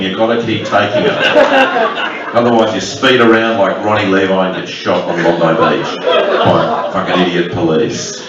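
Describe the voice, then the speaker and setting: A man's voice: on the low side, muffled recording. A man with an Australian accent doing profane stand-up crowd work on a club stage, needling audience members. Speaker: stand-up comedian. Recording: echoey club, far mic, loud crowd laughter.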